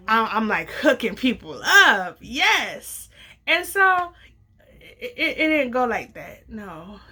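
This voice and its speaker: A young adult woman casually telling a personal story, acting out the dialogue with lively slang. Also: fairly high pitch, slow pace, husky. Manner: animated, acts out quoted dialogue, casual slang.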